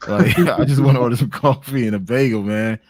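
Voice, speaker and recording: A man's voice: medium pitch, brisk, no echo, studio quality. An American man from Miami chatting casually on a video call, laid-back and slangy, calling everyone man and bro. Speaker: guest on travel talk. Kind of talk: casual chat.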